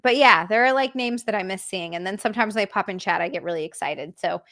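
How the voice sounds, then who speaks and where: A woman hosting a casual live stream, reading out chat and gushing with excited thanks. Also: mid-range voice, fast, no echo, studio quality. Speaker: streamer host.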